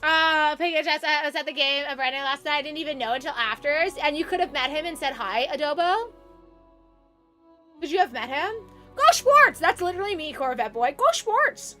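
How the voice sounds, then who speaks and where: A woman's voice: high-pitched, a little fast, pushed and bright, soft background music. A young woman from Canada, chatting casually with viewers on a live stream, full of fillers and restarts.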